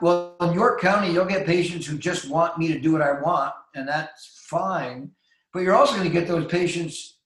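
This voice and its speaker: Man, middle-aged, physician mentor, somewhat high voice, reflective speech with fillers, roomy hall sound. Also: a bit bright. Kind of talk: speech to an audience. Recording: echoey hall.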